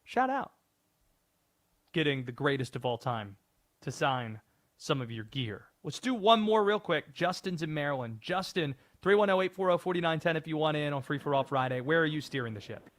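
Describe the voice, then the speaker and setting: A male sports radio host working the phones with a lively, swooping delivery that sits a little high. He ribs callers and keeps the show moving. It sounds like a studio microphone. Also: normal speed. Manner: lively, takes calls and needles a caller's hot take. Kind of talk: call-in sports talk.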